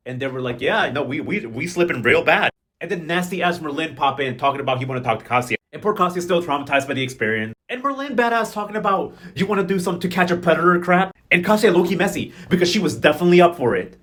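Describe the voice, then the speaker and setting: A man's voice: on the high side, animated, quick pace, fairly bright tone. A man recapping a soap opera in casual, sassy commentary, full of slang and mocking impressions of the characters. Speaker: host.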